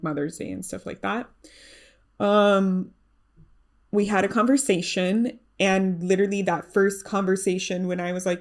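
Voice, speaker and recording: A young adult woman hosting a solo podcast, talking in an earnest, conversational way with many fillers and restarts. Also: medium pitch. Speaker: podcast host. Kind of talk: reflective solo podcast talk.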